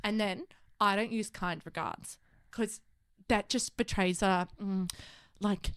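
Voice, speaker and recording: A woman's voice: mid-range voice, steady tone, takes it slowly, clean tone, no echo, clean studio sound, natural voice. A woman improvising a rambling crocodile-egg lady. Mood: self-assured. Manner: rambling, earnest, flustered over-explaining. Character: self-important woman who raises crocodile eggs. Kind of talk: improvised comedy.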